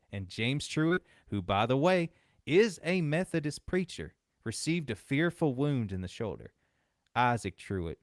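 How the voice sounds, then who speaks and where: A man's voice: mid-range voice, no room sound, studio quality. A man co-hosting a podcast, reading an old newspaper account aloud and then chatting about it loosely. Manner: reads old newspaper text, then chats loosely with laughs. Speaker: podcast co-host.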